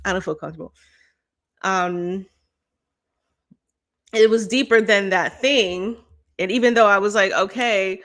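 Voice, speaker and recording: A woman's voice: medium pitch, slow, long pauses, a bit bright. A woman co-hosting a podcast in candid casual chat, laughing often, swearing freely and acting out her own angry outbursts. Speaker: podcast co-host.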